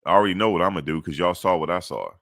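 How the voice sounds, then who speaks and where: Deep-voiced blunt sports host, man. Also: rapid-fire, no echo, studio quality. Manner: preachy and blunt, swears, swings to high excited pitch. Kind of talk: emphatic sports talk monologue.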